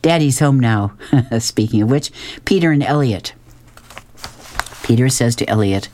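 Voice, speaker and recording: A woman's voice: very deep voice, lively intonation, a little slow, pauses often, dark tone, no room sound. A woman reading newspaper comic strips aloud, describing each panel with chatty, amused asides.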